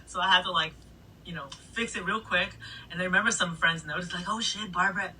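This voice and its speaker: A middle-aged woman DJ telling stories in a casual interview, animated, swearing freely and laughing between anecdotes. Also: on the low side, a little fast, a little hiss or hum. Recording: voice a bit distant from the mic.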